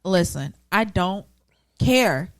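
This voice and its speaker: A woman's voice: on the low side, lively intonation, takes it slowly, no room sound. A woman co-hosting a casual podcast chat, blunt and emphatic, swearing freely. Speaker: podcast co-host.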